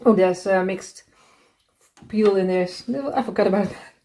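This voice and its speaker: A woman's voice: mid-range voice, normal speed, dark tone. A woman chatting casually in her home kitchen while baking and tasting, thinking aloud as she goes. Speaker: cooking vlogger.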